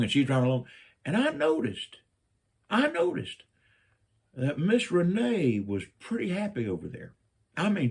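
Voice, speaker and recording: A middle-aged man from Virginia, telling a personal story and acting out his own lines with big jumps up in pitch. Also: vocal fry, breathy edge. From Virginia, USA. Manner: animated, jumps up in pitch when quoting himself.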